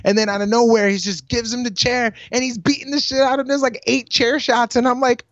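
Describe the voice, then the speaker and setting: A man co-hosting a podcast in casual chat, excitable, swearing freely and restarting his sentences. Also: very high voice, brisk, lo-fi sound, a little hiss or hum. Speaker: podcast co-host.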